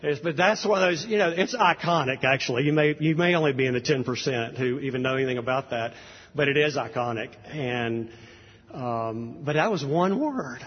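Conversational pastor in an echoing hall. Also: male voice, medium pitch, normal speed, husky. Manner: conversational and anecdotal, with frequent fillers. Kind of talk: sermon introduction. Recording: dull audio in a reverberant hall.

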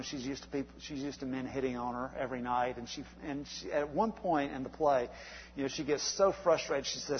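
A man's voice: a little high, fairly even intonation, fairly quick, slightly rough, muffled recording. Man preaching in a reverberant hall. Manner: conversational preaching with frequent uhs and restarts. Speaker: pastor. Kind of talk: sermon.

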